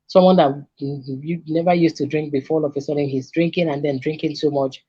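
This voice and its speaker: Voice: medium pitch, a little mellow, no echo. Guest counselor; earnest, repetitive warnings; lo-fi dry sound. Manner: earnest, repeats and restarts phrases, stresses warnings. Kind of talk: earnest advice in conversation. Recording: dull lo-fi dry recording.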